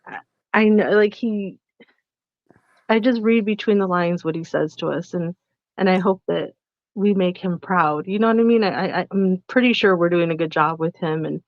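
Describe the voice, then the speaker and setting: A middle-aged woman co-hosting a podcast, telling animated stories about her son and quoting what each of them said. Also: on the low side, normal speed, no room sound. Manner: animated storytelling, quotes herself and her son. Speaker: podcast co-host. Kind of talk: casual chat. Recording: dull lo-fi podcast mic.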